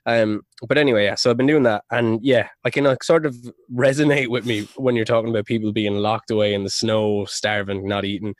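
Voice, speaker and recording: Male podcast co-host, lowish voice, dry close sound, rambling jokey chat. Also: steady tone, a little fast, few pauses, dry recording. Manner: rambling, joking, reads facts aloud. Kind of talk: casual podcast banter.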